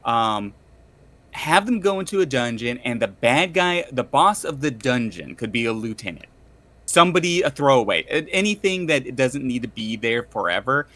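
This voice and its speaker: Bright-voiced enthusiastic podcast man. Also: medium pitch, big pitch swings, normal speed. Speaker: podcast co-host, game master. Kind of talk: casual podcast chat.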